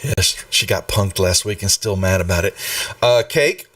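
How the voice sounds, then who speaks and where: A man in the game master's chair talks the players through the scene, circling back with plenty of "um"s and restarts. His voice sits low and comes across dry, a little distant from the microphone. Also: normal speed, a bit bright, dry recording. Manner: rambling, many fillers and restarts. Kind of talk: running a tabletop game on a live stream.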